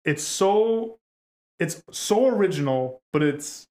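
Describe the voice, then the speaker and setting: A man's voice: on the high side, animated, slow, a little mellow. A man hosting a podcast, enthusiastic and swearing casually, often restarting his sentences. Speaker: podcast host. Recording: echoey room.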